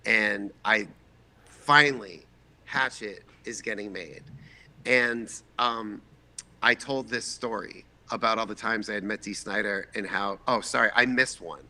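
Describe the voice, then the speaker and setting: A man in his forties from the Boston area, a guest filmmaker telling a lively, profane anecdote and acting out the voices in it. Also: on the low side, unhurried. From Boston area, USA. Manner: animated, profane, acts out voices in his stories. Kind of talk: casual storytelling anecdote.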